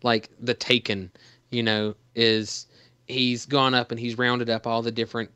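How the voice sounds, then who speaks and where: A man's voice: medium pitch, level tone, a little slow, pushed and bright, clean tone, dry recording. A man co-hosting a gaming podcast, talking in a rambling casual way with lots of fillers and restarts. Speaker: podcast co-host.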